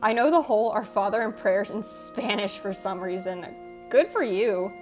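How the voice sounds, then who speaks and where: Speaking at normal speed in a mid-range, darkish voice, a woman livestreamer rambles through a casual chat, reading viewer comments. She cuts herself off now and then and swears offhand, with faint music in the background.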